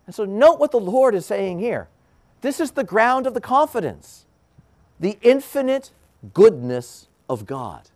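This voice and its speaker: A priest giving a homily in a slow, deliberate preaching style, rising to emphatic highs and dropping to hushed endings. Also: male voice, sing-song.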